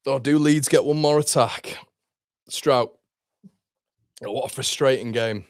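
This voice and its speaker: A man's voice: mid-range voice, a little slow, no echo, studio quality. Frustrated man doing live fan commentary. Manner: frustrated, swearing, talks to chat. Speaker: fan watchalong host.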